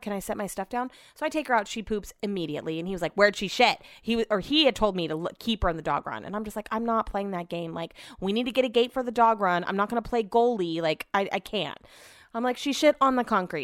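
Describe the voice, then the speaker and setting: A woman's voice: medium pitch, quick pace, no room sound, studio quality. A woman telling a casual story monologue, chatty and blunt, swearing freely as she retells back-and-forth conversations.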